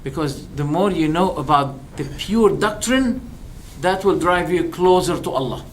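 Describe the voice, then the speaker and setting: A man with a fairly high voice delivers a religious lecture to his listeners. He is animated and rhetorical, firing off quick questions and briefly acting out both sides of an argument. A faint hum of background noise sits beneath his voice. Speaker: Islamic preacher.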